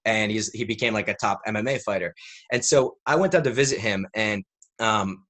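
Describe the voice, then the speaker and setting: Lower-voiced man telling a story. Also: normal speed. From United States. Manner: rambling, animated storyteller who fills with "like". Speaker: podcast guest. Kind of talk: casual storytelling interview.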